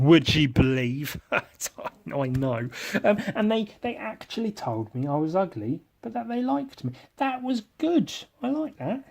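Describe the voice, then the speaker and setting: A man hosting a solo podcast, rambling in a bitter, sarcastic, self-deprecating way and swearing a lot into a podcast microphone. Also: medium pitch. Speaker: podcast host.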